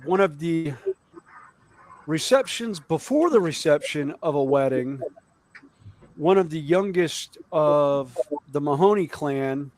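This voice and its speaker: A man's voice: a little high, no room sound, low-quality recording. A man telling rambling, jokey stories in a casual chat, with many fillers. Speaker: guest on a hobby livestream.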